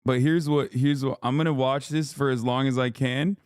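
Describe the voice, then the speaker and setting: A man's voice: mid-range voice, steady tone, normal speed, smooth, dry recording, clean studio sound. A man streaming live reaction commentary, crude and mocking, swearing freely.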